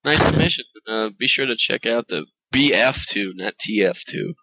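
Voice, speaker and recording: A man hosting a casual gaming podcast, joking and teasing his co-hosts in quick back-and-forth. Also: medium pitch, lively intonation, vocal fry, bright, forceful tone, dry recording, poor audio. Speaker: podcast host.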